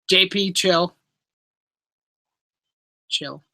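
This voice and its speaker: Chill canadian-raised guy streaming from his laptop, bright voice, dry close sound, reads chat and jokes. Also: sits high, very slow, creaky, no room sound. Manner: laid-back, reads chat aloud, jokes and swears. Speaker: live stream host. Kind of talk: casual live stream Q&A. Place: home room with pet enclosures. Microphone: laptop microphone.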